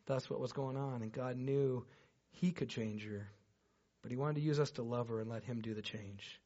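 A pastor delivers a sermon built around a personal story, swinging between loud, excited bursts and hushed, low passages at a moderate pace. He's chatty, speaking straight to the congregation with asides. The recording is dull and lo-fi.

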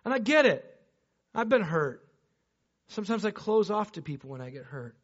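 High-voiced animated male preacher. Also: moderate pace. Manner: animated, swinging between loud excited bursts and hushed low passages; chatty, addresses the congregation directly with asides. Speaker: pastor. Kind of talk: sermon with personal story. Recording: dull lo-fi recording.

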